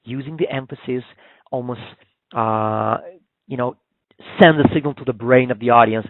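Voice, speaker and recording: Speaking at normal speed with a medium pitch, this webinar presenter pauses often and fills his conversational talk on public speaking with fillers and restarts. His call microphone gives a dry, phone-like recording.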